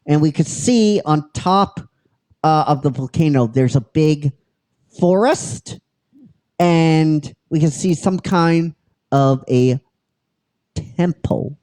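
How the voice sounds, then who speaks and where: A podcast host telling a story in a casual, halting way, with many fillers and restarts. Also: mid-range voice, a little mellow. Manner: chatty and self-deprecating, swears casually. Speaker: podcast host pitching episode ideas.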